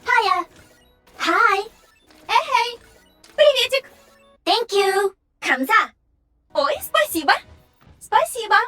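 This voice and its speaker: A woman voicing a youthful, spunky young female gamer with an energetic, slightly annoying delivery from a video game. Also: very high-pitched, takes it slowly, long pauses, soft background music, exaggerated voice. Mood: perky.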